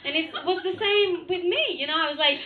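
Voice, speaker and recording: A woman's voice: very high voice, fairly quick, roomy sound, phone-quality sound, heavy background noise. A woman from Russia with a Russian accent doing a crude, blunt stand-up comedy set on a club stage. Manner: blunt, crude, deadpan with frequent laughs.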